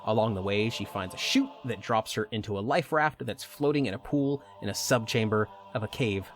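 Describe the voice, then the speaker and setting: A man's voice: fairly low pitch, moderate pace, soft background music. A man hosting a podcast, reading a retelling of a video game story and breaking in with joking asides. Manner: reads narration with joking asides. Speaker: podcast host.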